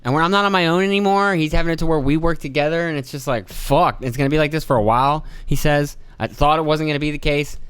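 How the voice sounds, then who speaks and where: A man's voice: a little high, quick pace, hardly any pauses, a bit bright, smooth, no room sound. A young man hosting a solo podcast, ranting and swearing, acting out other people's lines in mocking voices. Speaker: podcast host.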